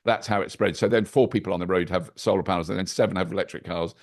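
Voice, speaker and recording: An older man, a podcast guest chatting over a video call, animated and anecdotal with wry asides. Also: low-pitched, fast. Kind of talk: casual interview chat.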